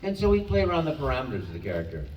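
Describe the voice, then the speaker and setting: A man's voice: medium pitch, wildly swooping pitch, rapid-fire. An older man speaks expressively on a convention stage, encouraging and prone to rambling restarts. His voice is picked up from a distance and rings around a big echoey hall. A faint noise sits underneath. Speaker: guest voice actor on a convention panel. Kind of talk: panel Q&A answers.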